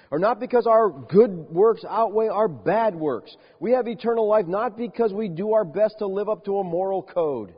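Male pastor, husky, fairly high voice, emphatic sermon delivery, muffled hall recording. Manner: emphatic preaching, slowing and dropping soft on key words. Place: church sanctuary. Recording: dull lo-fi church recording with long reverb.

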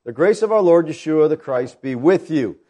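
A man delivers a sermon in a warm, mellow voice that sits a little high. He preaches emphatically and keeps turning to his listeners with pointed questions. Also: animated, normal speed.

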